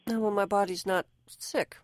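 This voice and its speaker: A woman's voice: medium pitch, steady tone, moderate pace, no room sound. A woman hosting a podcast, emphatic and opinionated, with a phlegmy throat and many restarts. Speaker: podcast host. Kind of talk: casual conversation.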